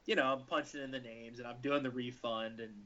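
A man's voice: medium pitch, brisk. A man on a casual podcast, telling a story and acting out the dialogue. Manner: animated, acts out the dialogue in his story. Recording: lo-fi podcast audio.

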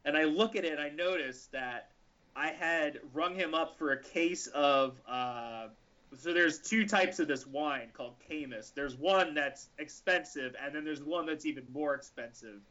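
Lively bright-voiced man telling a story. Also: fairly high pitch, a little slow. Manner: animated, acts out the dialogue in his story. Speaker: podcast co-host telling a story. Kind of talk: casual storytelling chat. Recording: lo-fi podcast audio.

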